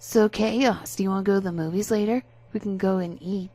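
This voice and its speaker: A woman's voice: medium pitch, fairly even intonation, fairly quick, dark tone, natural voice. A woman voicing a rude, obnoxious young man who harasses a classmate, smug and whiny.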